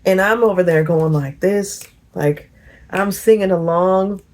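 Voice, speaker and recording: Slow-talking, animated woman vlogger. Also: fairly low pitch. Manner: animated storytelling, laughing and singing along. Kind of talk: casual get-ready-with-me chat.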